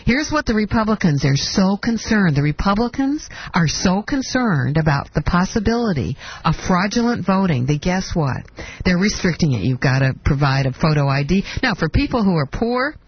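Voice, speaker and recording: A woman's voice: fairly low pitch, very animated, normal speed, breathy edge. A woman hosting talk radio, giving a sarcastic political commentary monologue full of mocking rhetorical questions, in dull lo-fi broadcast audio.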